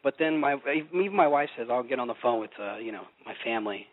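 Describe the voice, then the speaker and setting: This middle-aged voice actor from Oklahoma sounds medium-pitched and lively, talking quickly with slight background noise behind him. Being interviewed casually, he rambles in an easygoing way and keeps restarting, all through a dry, tinny phone-line sound.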